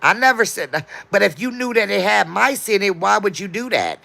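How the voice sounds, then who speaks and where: A woman's voice: mid-range voice, very animated, brisk, gravelly, pushed and bright. A woman livestreaming, chatting casually and answering her viewers' comments as they come in.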